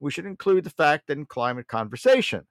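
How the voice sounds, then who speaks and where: A blunt, mocking male talk show host speaking in a fairly high, lively voice that rises and falls a lot. The sound is dry and close. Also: fairly quick, no echo. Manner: blunt, mocking, keeps addressing listeners as folks. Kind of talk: political talk show monologue.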